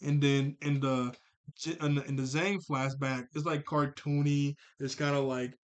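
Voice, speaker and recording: A man's voice: medium pitch, little pitch movement, moderate pace. A young man casually recapping a cartoon episode, rambling with lots of "like", restarts and chuckles at his own jokes.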